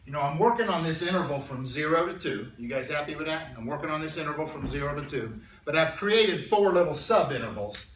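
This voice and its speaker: Throat-clearing man teaching class. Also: a little high, lively intonation, brisk, hardly any pauses, a bit bright, slight background noise. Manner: conversational, keeps checking in with students. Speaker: math teacher. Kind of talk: classroom lecture. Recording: roomy classroom sound from a distance.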